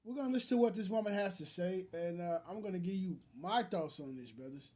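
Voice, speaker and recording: A man's voice: sits high, fast talker, darkish tone. A man hosting a casual reaction video, rambling with many fillers and restarts, calling his viewers brothers. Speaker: commentary video host.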